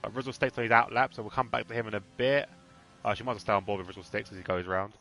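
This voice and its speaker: A man calls a live sim-racing session in a bright, forceful voice. He keeps up a chatty, laughing banter with his co-host between updates. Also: on the low side, fairly even intonation, racing, soft background music. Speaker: race commentator.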